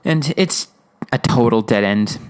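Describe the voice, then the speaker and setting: A man's voice: mid-range voice, expressive, measured pace, clean tone. Male podcast host, loose rambling recap, frequent um and like. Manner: rambling, laughing, many fillers. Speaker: podcast host reviewing episodes. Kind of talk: casual episode discussion.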